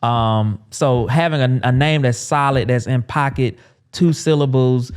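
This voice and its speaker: A man in his thirties, an agency owner, talking casually and with animation about business names, full of quick asides. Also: medium pitch, smooth. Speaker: agency owner and podcast host.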